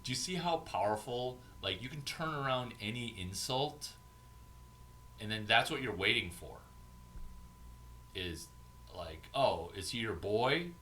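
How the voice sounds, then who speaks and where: A man giving an informal, profane coaching talk as an entrepreneurship mentor, animated and acting out bits of banter. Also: medium pitch, a little slow, long pauses, slight background noise.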